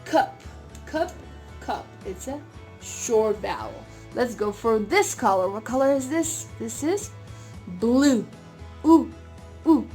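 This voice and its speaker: A woman teaches a phonics lesson to small children, speaking slowly and stretching each sound. Her voice sits fairly high, and she breaks in with playful gasps. Faint music plays underneath. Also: animated, darkish tone, reverberant, far from the mic. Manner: slow, drawn-out sounds with playful gasps, switching between English and Spanish. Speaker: kindergarten teacher.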